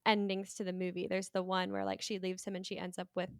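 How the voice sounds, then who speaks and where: A woman talks through a film in relaxed podcast chat, her voice smooth and resonant. The sound is dry and close, with no room around her. She strings her thoughts together loosely, peppered with "like.". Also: fairly low pitch, fast talker, no echo. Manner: chatty, heavy use of "like". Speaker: podcast panelist. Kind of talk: casual movie discussion.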